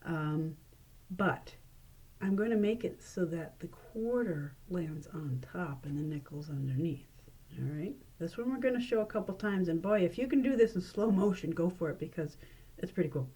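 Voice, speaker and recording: A woman's voice: lowish voice, animated, moderate pace, warm tone, slightly rough. A woman librarian casually walking viewers through coin tricks, chatty and playful, laughing at her own slips. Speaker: librarian demonstrating magic tricks. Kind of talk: casual how-to demonstration. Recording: noisy room with clicks.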